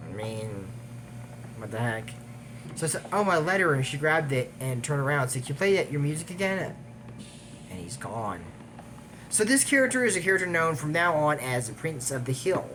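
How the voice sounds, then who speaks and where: A man's voice: medium pitch, sing-song, moderate pace, sharp tone. Chatty guy rambling thru a cartoon recap, lots of ums, goes off on tangents, faint hiss in the background. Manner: chatty, digressive, trails off with fillers and self-conscious laughs. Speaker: YouTube recap host. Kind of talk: casual rambling episode recap.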